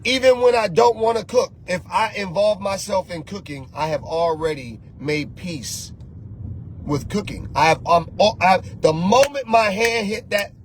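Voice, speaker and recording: A high-voiced man acts as a spiritual coach, hosting a casual motivational talk. He's animated and preachy, full of slang and often shouting, with slight background noise in the recording.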